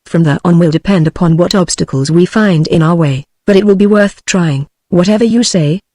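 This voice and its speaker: A woman's voice: on the low side, normal speed, mellow, dry recording, clean studio sound, close to an everyday voice. A text-to-speech woman with a British English accent voicing a brave, determined English lady in a novel reading. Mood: resolute. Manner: plain synthetic reading.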